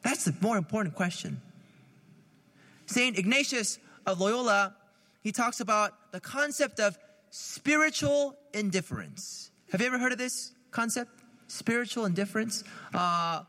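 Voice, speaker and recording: Priest, male, bright high voice, chatty sermon with questions to the congregation. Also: animated, normal speed, in a large hall. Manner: conversational, asks questions, laughs at own jokes.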